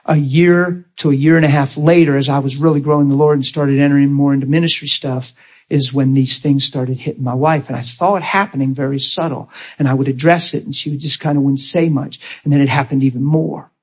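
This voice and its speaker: A man's voice: medium pitch, fairly even intonation, brisk, slightly rough. A man preaching a sermon in a folksy storytelling way, acting out the voices of people in his stories.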